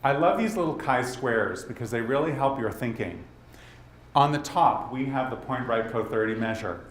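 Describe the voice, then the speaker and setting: A man with a Boston accent giving a presentation at a leadership summit, talking straight to the audience and tossing in quick asides. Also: mid-range voice, lively intonation. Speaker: conference speaker. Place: conference hall. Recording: roomy hall with faint background noise.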